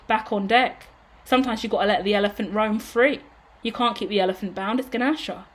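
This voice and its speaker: A woman giving a tarot reading in a casual, emotional and effusive way, swearing now and then. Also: a little high. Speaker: tarot reader.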